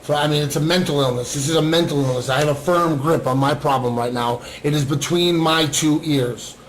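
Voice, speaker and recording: A man's voice: on the high side, fairly quick, roomy sound, a little hiss or hum, rough recording. A man and recovering addict sharing his story in an earnest livestream monologue, often asking "right?". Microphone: webcam or phone on a screen.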